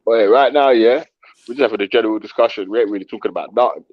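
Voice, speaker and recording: A very low-voiced man chats loosely to his viewers, full of slang and quick laughs. The sound is close and dry but dull. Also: dry recording. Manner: slangy, laughing, addressing chat and callers. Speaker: livestream host. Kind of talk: casual livestream chat.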